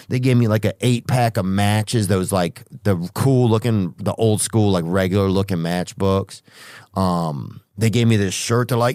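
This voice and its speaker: A man's voice: fairly low pitch, moderate pace, darkish tone, no echo, studio quality. A man hosting a podcast, telling comic stories in a rambling way with restarts and asides. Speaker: podcast host. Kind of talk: comedic storytelling monologue.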